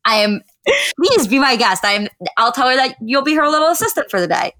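A young woman co-hosting a casual podcast, speaking in a measured, teasing, playfully diplomatic way. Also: high-pitched, expressive, bright, forceful tone, slight background noise. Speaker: podcast co-host.

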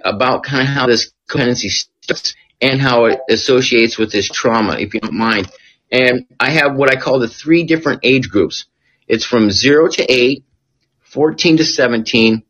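A recovery counselor on a podcast gives relaxed explanations, frequently tossing in rhetorical questions to check in. His medium-pitched voice carries a fairly bright tone.

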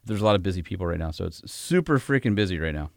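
A man's voice: low-pitched, lively intonation, racing, gravelly, dry recording. A man co-hosting a podcast, chatting in an easygoing, joking way with lots of fillers. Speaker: podcast co-host. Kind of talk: casual chat.

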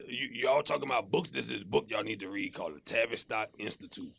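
A man with a low, gravelly voice explains things earnestly in casual podcast talk. He sounds steady and serious. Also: fast talker, dry recording.

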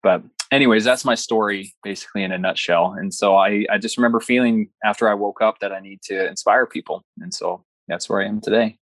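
A man's voice: lowish voice, brisk, hardly any pauses, fairly bright tone, no echo. A young man as a podcast guest, telling a personal story earnestly, with flashes of light humor. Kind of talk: personal story told in an interview.

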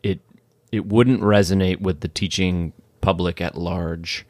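A male co-host thinks out loud, stumbling a little at the start of his points. His voice sits on the low side. The recording is close and dry. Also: fairly even intonation, unhurried, no echo. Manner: reflective, stammering starts. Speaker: podcast co-host. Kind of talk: casual chat.

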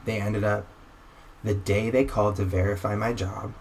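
A young man in a casual conversation, telling a personal story in a wry, animated way and acting out the voices of the people he talks about. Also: on the low side, normal speed, slight background noise. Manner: animated, wry storyteller who acts out quoted exchanges.

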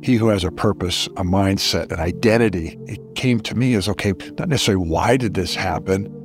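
A man's voice: sits low, a little fast, music in the background. A middle-aged man as a podcast guest, earnestly telling a personal story with reflective emphasis.

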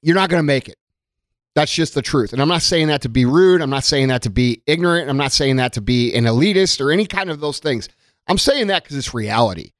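A man's voice: a little high, expressive, brisk, dry recording, clean studio sound. A man giving a blunt, profane, emphatic motivational talk to his followers. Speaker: motivational content creator. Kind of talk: motivational monologue.

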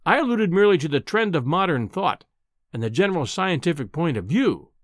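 A man's voice: fairly high pitch, very animated, fairly quick, no echo, studio quality. A man reading an audiobook, voicing an eager young journalist who speaks humbly and with feigned earnestness. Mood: deferential. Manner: deferential, falsely earnest.

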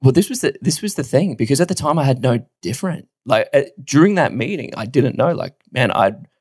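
A man, co-hosting a podcast and telling a story in a casual, animated way, swearing now and then and laughing often. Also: mid-range voice, a little fast, slightly rough, no echo, studio quality. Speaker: podcast co-host.

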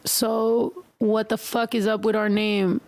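Animated, profane woman hosting a livestream. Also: on the high side, slow, no echo. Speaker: livestream host. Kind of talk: casual livestream chat.

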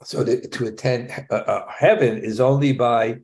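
Gravelly man giving a scripture class. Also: medium pitch, fairly even intonation, normal speed, darkish tone. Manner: conversational, chuckling asides, frequent restarts. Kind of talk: casual scripture lecture.

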